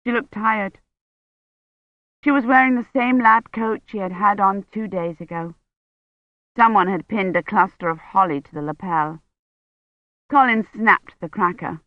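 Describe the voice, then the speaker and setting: An audiobook narrator reading a novel in a measured, even way. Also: mid-range voice, no room sound, narrow, tinny audio. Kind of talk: scripted narration.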